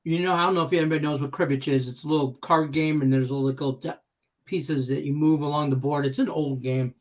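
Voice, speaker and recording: Brief: male stream host, slightly high voice, loose and rambling, laughs easily. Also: fairly even intonation, fast talker. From Detroit, Michigan. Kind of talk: casual chat on a live betting stream.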